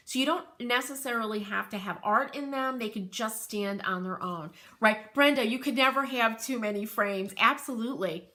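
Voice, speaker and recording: Reading viewer comments aloud, the middle-aged host of a furniture painting livestream laughs a lot and gushes with excitement during her show and tell. She has a New England accent and a fairly high-pitched voice.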